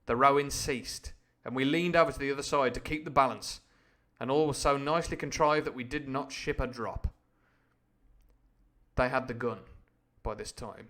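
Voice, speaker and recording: A man's voice: medium pitch, a bit bright. A man reading a classic adventure novel on a live stream, breaking off often for playful, irreverent explanations. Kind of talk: book reading with chatty asides.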